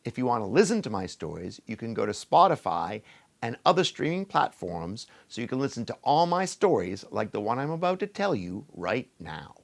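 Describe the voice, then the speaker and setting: A man's voice: mid-range voice, sing-song, normal speed, vocal fry. A man telling a folk tale to children, playful and theatrical, speaking straight to the audience. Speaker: children's storyteller. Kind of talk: animated storytelling for children.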